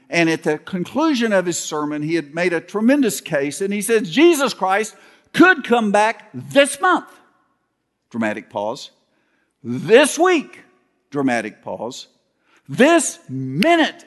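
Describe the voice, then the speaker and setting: A man who is a pastor, preaching a sermon with folksy storytelling, humor, and some halting restarts. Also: high-pitched. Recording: long hall reverb.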